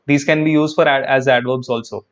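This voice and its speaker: A man's voice: mid-range voice, fairly even intonation, fairly quick, clean tone, highs cut off. A man teaching an English grammar lesson online, chatty and repetitive, talking straight to his viewers and answering their comments. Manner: chatty, repeats words, talks to viewers.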